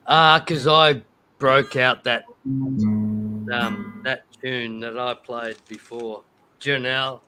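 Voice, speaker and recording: Man, casual host, enthusiastic, laid-back, bright tone, faint guitar in background. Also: mid-range voice, fairly even intonation, slow pace, smooth. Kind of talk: casual chat.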